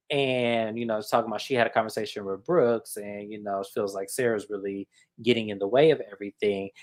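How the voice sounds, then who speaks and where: A host recapping a reality TV episode in casual, gossipy, animated talk that swears freely. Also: mid-range voice.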